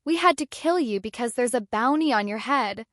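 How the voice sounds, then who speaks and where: A woman narrator voicing a cold, calculating male adventurer who speaks flatly. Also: a little high, moderate pace, no room sound, clean studio sound. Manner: cold, flat.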